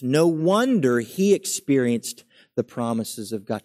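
A young adult man preaching a sermon, earnest and emphatic, building up his lines and then dropping to a quiet, settled tone. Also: medium pitch, big pitch swings, takes it slowly.

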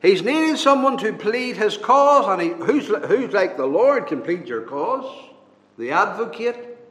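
High-voiced man preaching in a reverberant hall. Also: sing-song, a bit bright. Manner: earnest, emphatic preaching with slow drawn-out scripture quotes. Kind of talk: sermon.

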